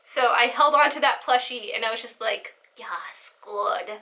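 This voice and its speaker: A young woman in her twenties tells a story with a high, bright voice. She rambles and giggles, and her telling is loose and animated. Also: fairly quick. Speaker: vlogger. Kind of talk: casual storytelling.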